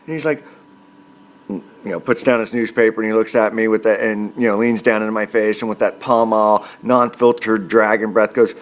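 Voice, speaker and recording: A man's voice: medium pitch, fairly even intonation, fairly quick. Rambling storytelling man in his forties. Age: 40s. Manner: rambling, chatty, many fillers. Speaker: comedian vlogger. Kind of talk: storytelling comedy monologue.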